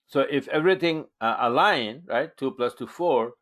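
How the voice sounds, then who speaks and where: A man's voice: medium pitch, animated, moderate pace, fairly bright tone. A man teaching forex trading in a live webinar, thinking aloud as he marks up charts, with punchy emphasis on key moves.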